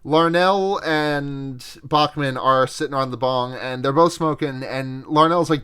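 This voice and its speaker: A man's voice: medium pitch, unhurried, hardly any pauses, fairly bright tone, smooth. A man co-hosting a podcast, recapping a film in casual chat, rambling and swearing with frequent laughs. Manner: rambling, profane, laughs often. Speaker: podcast co-host.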